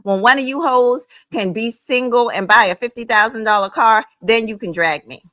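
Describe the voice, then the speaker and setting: A woman's voice: a little high, normal speed, pushed and bright, no room sound. A middle-aged woman hosting a livestream, ranting angrily in a profane, confrontational, taunting way. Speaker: livestream host. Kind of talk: angry livestream rant.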